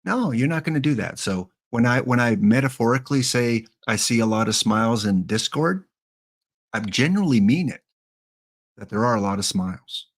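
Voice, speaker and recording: A man's voice: medium pitch, lively intonation, moderate pace. A Canadian man in his fifties, a game streamer chatting casually and jokily with his viewers. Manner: rambling, jokey, talks to chat. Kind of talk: casual live-stream chat.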